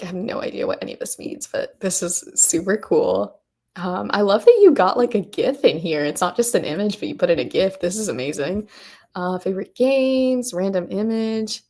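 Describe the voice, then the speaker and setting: A woman's voice: mid-range voice, measured pace, a little mellow. A woman hosting a coding workshop on a livestream, chatting casually and gushing over what she sees with lots of giggles and "oh my God.". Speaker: workshop host.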